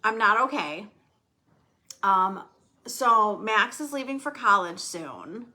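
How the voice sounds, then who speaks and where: A woman's voice: mid-range voice, big pitch swings, slow pace, long pauses, bright, forceful tone. A middle-aged woman hosting a podcast, chatting candidly and emotionally, rambling a little. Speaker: podcast host. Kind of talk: casual podcast chat.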